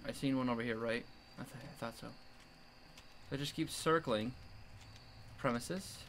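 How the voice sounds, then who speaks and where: A young man giving jumpy commentary while playing a horror game, yelling at the monster chasing him. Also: mid-range voice, normal speed, slight background noise. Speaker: gamer.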